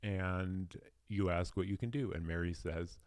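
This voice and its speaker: A young man with a fairly low voice talks off the cuff and unscripted. He rambles and hesitates, circling back over his own stories. The sound is dry and close, with no room echo. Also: unhurried, darkish tone. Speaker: speed chess player. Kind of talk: casual unscripted monologue.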